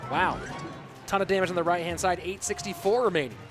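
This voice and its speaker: A man's voice: high-pitched, fast, over music. A man commenting a live game tournament, playful and joking with the chat as he calls the plays. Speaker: esports commentator.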